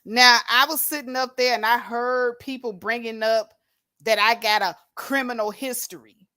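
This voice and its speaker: A woman's voice: fairly high pitch, steady tone, normal speed, bright, forceful tone, clean tone, no echo, clean studio sound. A woman hosting a livestream, speaking bluntly and confrontationally with heavy profanity into a plug-in microphone. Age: adult with a grown daughter. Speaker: livestream host. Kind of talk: unscripted livestream commentary.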